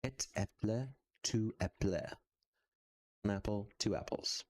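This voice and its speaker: Male streamer, deep voice, unhurried, halting delivery full of ums, chuckles between lines. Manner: hesitant, many filler sounds, chuckles often. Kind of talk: casual live-stream chat while practicing a language.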